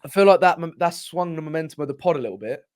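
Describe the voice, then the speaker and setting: A fairly high-voiced man, chatting about football as a podcast co-host. He rambles and swears, restarting his sentences as he gets worked up. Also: expressive, rapid-fire, darkish tone. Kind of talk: casual football chat.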